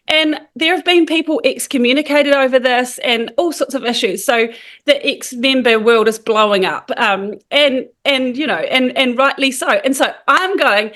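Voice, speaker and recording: A woman talks casually as a guest on a podcast. Her voice is high and she talks in a chatty, animated way. She fills her sentences with ums and restarts. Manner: chatty, animated, many fillers. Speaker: guest, founder of a support group.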